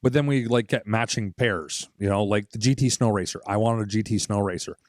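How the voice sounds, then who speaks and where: A man's voice: lowish voice, fairly quick, no echo, studio quality. A man in his forties co-hosting a podcast, telling a childhood holiday story in casual chat, swearing freely and acting out what people said. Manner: animated, swears a lot, acts out quoted voices. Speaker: podcast co-host.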